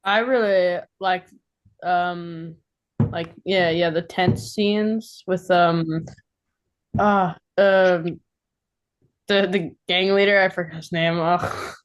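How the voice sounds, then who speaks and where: Slow, hesitant woman with a smooth voice. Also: lowish voice, fairly even intonation. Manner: hesitant, searching for words. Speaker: actor in a workshop. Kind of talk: casual group discussion.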